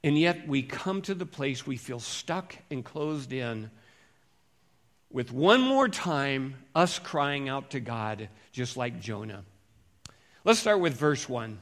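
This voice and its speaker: A male pastor preaching a conversational sermon, moving between loud emphatic phrases and quiet, low asides.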